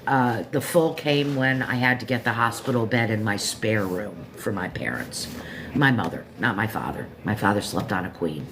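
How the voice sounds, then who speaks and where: An extremely low-pitched woman's voice, at normal speed, comes through a noisy background. She is in her fifties and hosts a livestream about a book, rambling casually with lots of asides and self-corrections.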